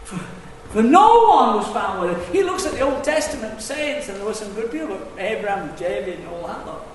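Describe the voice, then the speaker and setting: A man preaching a sermon, swinging between hushed asides and loud, emphatic declarations. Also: sits high, very animated, a little fast, a little hiss or hum. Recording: echoey hall, distant mic.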